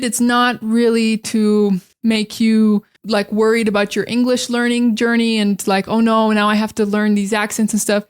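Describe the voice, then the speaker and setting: A young American woman with a standard accent, teaching in a casual, chatty monologue full of fillers and slow explanations. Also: a little high. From Northeastern United States. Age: young adult. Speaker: English teacher.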